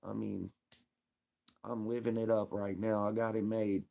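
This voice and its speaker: A man's voice: fairly low pitch, little pitch movement, unhurried, vocal fry, warm tone. A man telling stories on a livestream in blunt, profane, laid-back street talk. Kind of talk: casual storytelling on a livestream.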